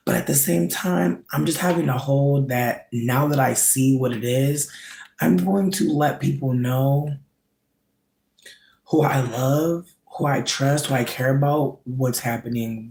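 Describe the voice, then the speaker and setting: A vlogger on a candid rant, angry and swearing heavily, voice swinging from low muttering to high, strained outbursts. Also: vocal fry, darkish tone, reverberant, low-quality recording.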